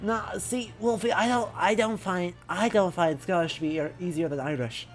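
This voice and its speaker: A woman's voice: on the low side, normal speed, soft background music. A woman streamer talking casually while playing a game, in a chatty, rambling way that keeps correcting itself. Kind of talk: casual gaming stream commentary.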